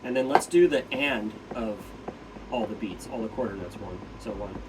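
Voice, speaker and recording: A drum teacher with a mid-range voice speaks at normal speed, counting beats aloud while demonstrating on a practice pad. His casual instruction is loose and filler-heavy, with frequent "right?". The mic is distant, and drum-pad noise is loud.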